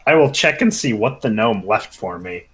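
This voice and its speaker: A man's voice: fairly low pitch, lively intonation, normal speed, over a noisy crowd, poor audio. A man playing a tabletop role-playing game, chatting casually with laughs and fillers. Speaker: player.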